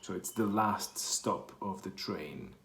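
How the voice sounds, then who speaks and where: A man's voice: sits low, lively intonation, slow pace, a bit bright, slight background noise. A man from Portugal with a Portuguese accent, telling a rambling, self-correcting story in casual chat. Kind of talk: casual anecdote. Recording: echoey room.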